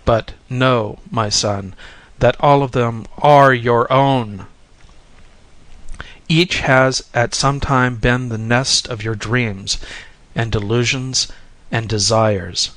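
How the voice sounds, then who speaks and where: A man voicing a calm, gentle sage who speaks softly and reassuringly in a storybook reading. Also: medium pitch, dry recording. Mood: serene. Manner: soft, unhurried, reassuring.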